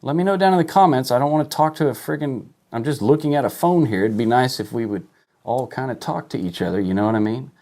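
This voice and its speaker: A man's voice: mid-range voice, expressive, fast, darkish tone. A man teaching online marketing on a livestream, talking emphatically, asking rhetorical questions and checking in with "okay?" as he points at his screen. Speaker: online business coach. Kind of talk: live-streamed marketing lesson.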